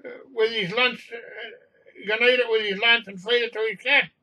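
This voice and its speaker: A man's voice: extremely high pitch, steady tone, brisk, distant mic, muffled recording, pitched above the performer's own voice. A man voicing a nervous male flight steward who frets and hesitates. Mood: worried.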